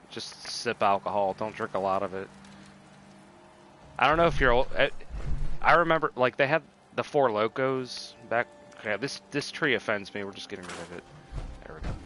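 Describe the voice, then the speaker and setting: This streamer, a man with a medium-pitched voice and a sharp tone, chats casually about the video game he's playing, rambling, swearing and cutting himself off. He's slightly tipsy, and there's a little background noise.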